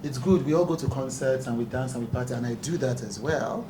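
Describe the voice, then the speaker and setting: This talk show host speaks earnestly and with emphasis at a press conference, frequently laughing. His voice is medium-pitched and quick. The room echoes, the mic is distant, and there's background noise.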